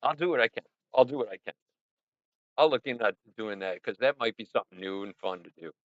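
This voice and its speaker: A man's voice: on the low side, expressive, fairly quick, no room sound. A man hosting a casual livestream, rambling and joking as he talks to his viewers. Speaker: livestream host. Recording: dry, dull lo-fi sound.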